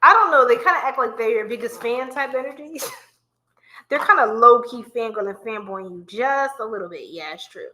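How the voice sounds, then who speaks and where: A woman gives a live tarot reading to her viewers. Her voice is bright and a little high, and she keeps things chatty and playful, laughing often. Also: animated, brisk, slight background noise. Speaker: tarot reader.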